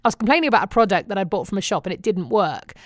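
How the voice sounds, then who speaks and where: A woman's voice: medium pitch, animated, rapid-fire, no room sound, clean studio sound. A woman from England with a British accent, chatting casually to her viewers in a wry, self-mocking way and laughing often. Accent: British English. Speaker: vlogger. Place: living in Phoenix, Arizona.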